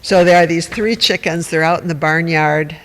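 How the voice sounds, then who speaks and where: A man with a high voice gives a meditation talk in a wry, chatty way, joking at his own expense and turning to his listeners. His voice carries a long reverb from the hall. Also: steady tone, moderate pace, fairly bright tone, a little hiss or hum. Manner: conversational, wry and self-mocking, with audience asides. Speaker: meditation teacher. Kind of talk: dharma talk to a group.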